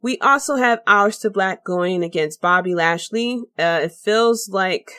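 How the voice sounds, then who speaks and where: A woman's voice: mid-range voice, unhurried, pushed and bright, a little hiss or hum. A woman hosting her own podcast, talking casually in a chatty, rambling way with lots of fillers and restarts. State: tired, late at night. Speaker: podcast host. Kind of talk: casual solo podcast talk.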